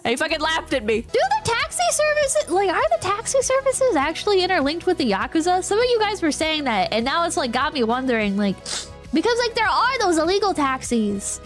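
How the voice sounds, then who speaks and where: A woman's voice: very high-pitched, a little fast, soft background music. A woman streamer chatting casually with viewers. She laughs a lot, rambles with many "like"s and acts out the people she quotes. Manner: giggly, rambling, heavy use of "like"; animated retelling with quoted voices.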